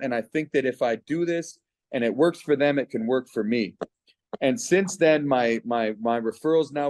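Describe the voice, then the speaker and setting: A man's voice: mid-range voice, mellow, no room sound. A middle-aged man from Canada giving an earnest, persuasive personal testimonial on a video call. His voice catches with emotion as he speaks.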